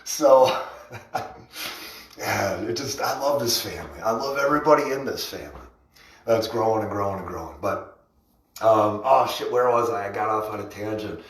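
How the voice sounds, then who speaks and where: Animated and pausing often, a man with a lowish voice talks at a moderate pace through a rambling, upbeat pep talk on rallies during a casual livestream, laughing frequently. As host and rally organizer, he's captured far from the microphone in a room with echo.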